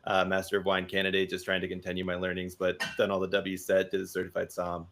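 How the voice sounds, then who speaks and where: A man speaking as a guest in a casual interview, relaxed and self-deprecating, on a podcast studio mic. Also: low-pitched, quick pace.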